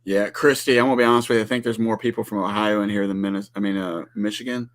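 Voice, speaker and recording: A man co-hosting a casual ranch livestream, with a low-set voice. He rambles and teases in a loose, joking way, often breaking off and restarting his sentences as he greets viewers. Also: steady tone, fast.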